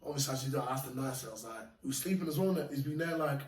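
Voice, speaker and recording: A man casually telling animated, slangy stories of fights and bouncer work, laughing often. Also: mid-range voice, rapid-fire. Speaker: podcast guest. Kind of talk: casual storytelling. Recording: echoey room, mic far off, faint noise.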